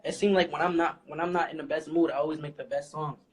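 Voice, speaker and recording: A young man, a rapper guest, talking casually and haltingly with lots of fillers. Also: fairly high pitch, fairly even intonation. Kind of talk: casual interview talk. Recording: faint background noise.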